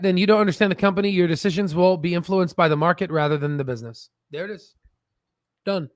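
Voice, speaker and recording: A man hosting a casual stock market livestream, animated and swearing, with stammering restarts. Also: high-pitched, no room sound, studio quality.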